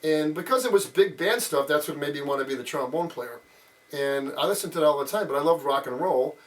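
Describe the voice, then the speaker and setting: Older guy in his 60s rambling through old stories, lotsa uh and um, kinda high voice, mic a bit far off. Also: fairly quick. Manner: rambling, many fillers, acts out quotes. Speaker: interviewee. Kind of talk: casual storytelling.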